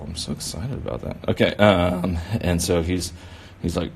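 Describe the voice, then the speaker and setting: A man's voice: low voice, steady tone, a little slow, gravelly, few pauses, darkish tone, breathy edge. A man running a casual drawing demonstration for kids, rambling and encouraging, with lots of filler words. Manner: rambling, encouraging, full of "you know" fillers. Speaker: kids' drawing instructor.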